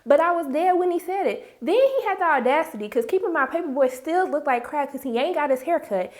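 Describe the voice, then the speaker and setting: A woman reviewing a TV episode in a casual, animated, exasperated recap full of slang. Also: sits high, fairly quick.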